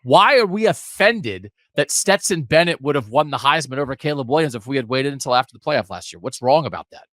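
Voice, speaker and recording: A man's voice: medium pitch, very animated, a bit bright, no room sound. A man co-hosting a college football podcast, arguing his points emphatically in casual sports talk. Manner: emphatic, argumentative, rapid asides. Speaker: podcast co-host.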